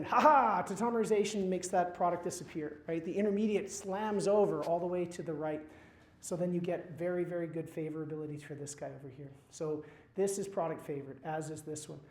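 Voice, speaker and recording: A man's voice: high-pitched, warm tone. Man lecturing in a roomy hall. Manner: quizzes the class, wry asides. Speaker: chemistry lecturer. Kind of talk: university lecture.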